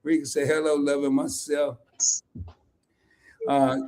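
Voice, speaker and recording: A middle-aged man hosting a casual live stream, talking in a playful, animated way and laughing often. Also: on the high side, slow, long pauses. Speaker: host.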